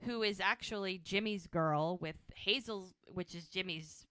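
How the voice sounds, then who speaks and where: A woman co-host recaps a TV episode in casual, chatty fashion, briefly acting out what each character says. Her voice is a touch low and smooth, recorded close and dry with no room around it. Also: no room sound. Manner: animated storyteller, quick voices for characters. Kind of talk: casual chat retelling a TV episode.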